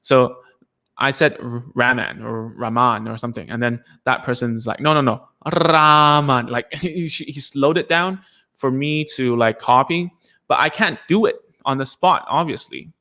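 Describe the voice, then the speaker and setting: A man's voice: mid-range voice, moderate pace, a bit bright. A young man teaching parents about child speech in a casual, chatty way, with many fillers and restarts, saying sample words aloud to show them. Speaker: speech coach. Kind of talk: casual explanatory lesson.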